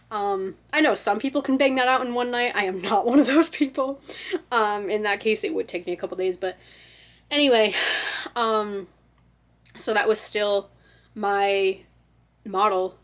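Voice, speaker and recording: A woman in her twenties rambling in a casual vlog chat, self-deprecating and talking with frequent "like" and "um" fillers. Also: medium pitch. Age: 20s. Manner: self-deprecating, laughs at herself. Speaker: vlogger.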